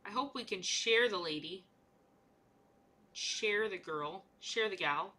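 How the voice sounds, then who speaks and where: A woman's voice: medium pitch, animated, slow, sharp tone. A young woman chatting casually and playfully while she paints miniatures on a livestream, rambling from one joke to the next.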